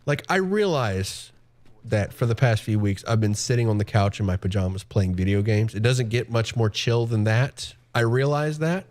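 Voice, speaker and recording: A man's voice: on the low side, fairly even intonation, a little fast, few pauses, a little mellow. A man live-streaming a game and chatting casually, giddy and emotional, laughing often. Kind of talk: casual chat while gaming. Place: home.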